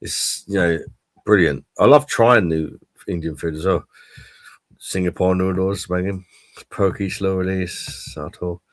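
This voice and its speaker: A man's voice: low-pitched, steady tone, measured pace, no echo. A man hosting a casual online pub chat, rambling and swearing cheerfully about food. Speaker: livestream pub chat host. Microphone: streaming call mic.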